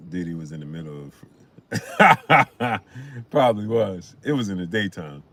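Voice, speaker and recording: A man hosts a casual live stream about boxing, greeting viewers from the chat by name. His voice sits fairly low, and he talks in a loose, animated way. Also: measured pace. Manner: shouts out chat names, chatty and animated.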